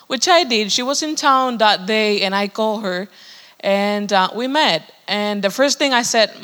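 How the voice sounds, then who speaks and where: A woman's voice: mid-range voice, expressive, moderate pace, fairly bright tone. A woman, giving an earnest, heartfelt personal testimony at a church service, often restarting her sentences. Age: 30s. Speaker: guest speaker. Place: church sanctuary. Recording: long reverb of a large hall.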